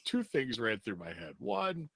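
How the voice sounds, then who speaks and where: A man hosting a comedy podcast, telling stories in an animated, self-mocking way and laughing often. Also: mid-range voice, measured pace, gravelly, background noise. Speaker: podcast host. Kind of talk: casual comedic chat.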